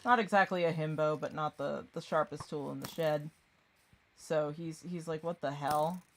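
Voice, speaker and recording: A woman's voice: low voice, steady tone, moderate pace, a little hiss or hum. A woman streaming a game, chatting casually and rambling, often distracted. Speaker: gaming streamer. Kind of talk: casual chat while gaming.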